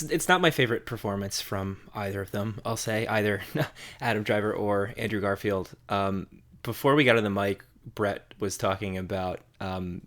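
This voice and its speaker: A man co-hosting a film podcast, discussing movies in a casual, halting way with many fillers and repeated words. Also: lowish voice, a bit bright. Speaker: podcast co-host.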